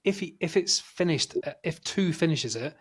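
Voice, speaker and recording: A man co-hosting a film review podcast, telling stories in an animated, casual way and swearing freely. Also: fairly high pitch, normal speed, slightly rough. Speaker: podcast co-host.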